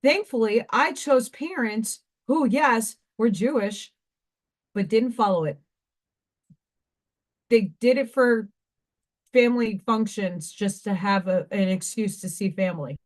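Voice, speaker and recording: A woman's voice: mid-range voice, unhurried, long pauses. A woman hosting a craft livestream, ranting in an emotional, repetitive way and sounding tearful. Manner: emotional, ranting, repeats herself. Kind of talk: casual live-stream monologue.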